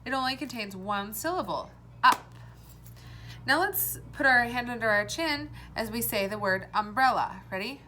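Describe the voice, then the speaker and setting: A woman teacher with a bright, rather high voice leads a recorded phonics lesson for small children. She stretches out words and letter sounds slowly, one by one. A faint hiss of noise sits under the recording. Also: lively intonation.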